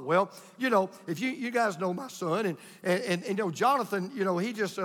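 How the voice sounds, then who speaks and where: A man's voice: high voice, expressive, fairly quick, a bit bright, long reverb tail. An older male pastor preaching a sermon with folksy, emphatic storytelling.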